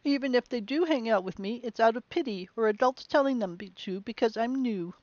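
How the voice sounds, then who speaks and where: A woman's voice: fairly high pitch, fairly quick, a little mellow, no room sound, muffled recording, close to an everyday voice. A woman reading as a lonely little boy. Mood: sad. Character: shy lonely little boy hiding in his room.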